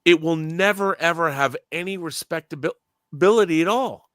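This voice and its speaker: Emphatic ranting man, bright voice. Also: on the high side, moderate pace, dry recording, studio quality. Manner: emphatic and ranting, swears freely, stumbles and restarts. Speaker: podcast co-host. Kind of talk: casual opinionated chat.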